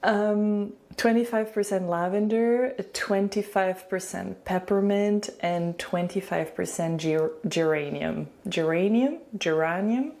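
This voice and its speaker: A woman with a French accent talks through her hair routine in a relaxed, unhurried way, her voice soft and mellow. She chats casually with lots of fillers and little giggles, like a home beauty vlog. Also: mid-range voice, creaky. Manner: chatty, filler-heavy, giggly. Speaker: beauty and wellness vlogger. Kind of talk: casual hair-care tutorial.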